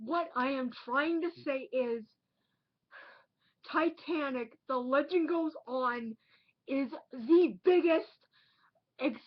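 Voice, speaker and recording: Woman reviewer, high and deliberate, ranting with emphatic repeats, muffled home recording. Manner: indignant, emphatic, repeats herself for effect. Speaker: online movie reviewer.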